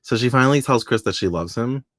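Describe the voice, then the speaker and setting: A man's voice: mid-range voice, fast talker, a bit bright, no room sound, studio quality. A man co-hosting a podcast, recapping a soap opera in casual chat, laughing often and acting out quoted lines. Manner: chatty, laughs often, quotes characters in voices. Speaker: podcast co-host.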